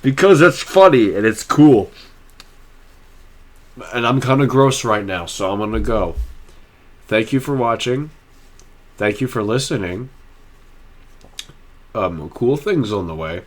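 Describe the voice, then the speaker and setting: With long pauses and a measured pace, a young man talks earnestly to camera in a personal vlog, rambling and restarting often with heartfelt emotion. His voice is on the low side and expressive.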